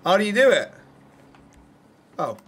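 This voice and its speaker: Man in a game roleplay with a slightly raised voice. He speaks deadpan and polite, slipping in cheeky remarks as if they were nothing. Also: sits high, a little slow, slightly rough. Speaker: roleplay character.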